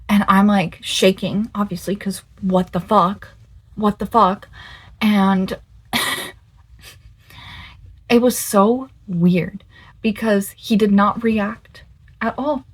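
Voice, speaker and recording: A young woman in her twenties, mid-pitched, recounting a disastrous date to her viewers. She stretches words for emphasis and swears when something floors her, talking in a loose, animated vlog style. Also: slightly rough. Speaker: vlogger. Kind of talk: casual storytelling.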